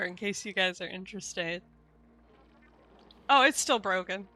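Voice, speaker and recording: Bright-voiced chatty woman streamer. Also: medium pitch, unhurried. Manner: chatty, explains candidly, swears casually. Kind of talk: casual live-stream chat.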